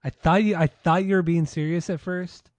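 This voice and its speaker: A man in his thirties co-hosts a casual music podcast, his voice a touch high for a man. He talks with excitement, swears often and repeats his points. The sound is close and dry, with no room around it. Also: normal speed, no echo. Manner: enthusiastic, swears freely, repeats himself. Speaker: podcast co-host.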